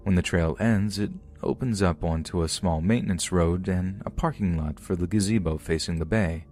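A man with a low-pitched voice narrates a podcast, reading submitted true scary stories aloud in the first person. He keeps a steady, measured delivery over soft background music.

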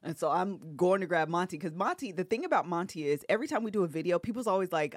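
A woman co-hosting a podcast, telling a story in a casual, animated way and laughing often as she acts out what people said. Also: fairly low pitch, fast talker, no room sound, studio quality. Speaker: podcast co-host.

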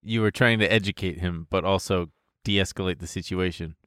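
Guy in his 30s on a podcast, smooth clear voice, dry close sound, acts out his story. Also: low-pitched, fairly quick, no room sound. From United States. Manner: animated, acts out voices in his stories, laughs often. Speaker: podcast co-host. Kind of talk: casual storytelling chat.

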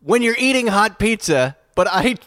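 A man co-hosting a podcast, telling a story in an animated, self-mocking way and laughing as he goes. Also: high-pitched, normal speed, no room sound, clean studio sound. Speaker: podcast co-host. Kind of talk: casual chat, storytelling.

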